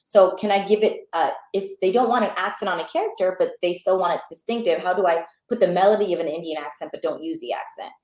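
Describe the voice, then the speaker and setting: A young adult woman, an actor, chatting as a guest in an interview, enthusiastic and animated with many fillers. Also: on the low side, quick pace, few pauses, echoey room. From Pakistani and Bangladeshi heritage. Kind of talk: casual interview chat.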